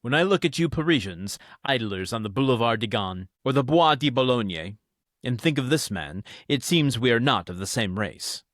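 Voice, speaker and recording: A man's voice: medium pitch, lively intonation, moderate pace, fairly bright tone, no echo, clean studio sound, close to an everyday voice. A man voicing an eager young French nobleman who insists earnestly and defends himself when teased. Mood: piqued.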